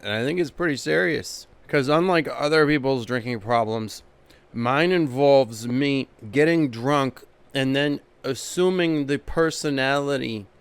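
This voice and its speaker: A man doing a casual, deadpan comedy monologue. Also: mid-range voice, unhurried, clear, resonant tone, dry recording.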